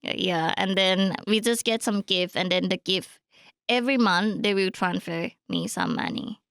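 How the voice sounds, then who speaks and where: A woman's voice: medium pitch, big pitch swings, moderate pace, a bit bright, smooth, dry recording, studio quality. A young woman chatting as a podcast guest, laughing often between her answers. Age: young adult. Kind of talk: casual chat. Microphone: studio mic, speaking close.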